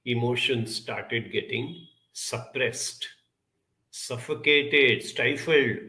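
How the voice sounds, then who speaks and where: A middle-aged man giving a motivational talk, telling personal stories in an earnest, animated way. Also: medium pitch, drawn-out words, low-quality recording. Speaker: speaker.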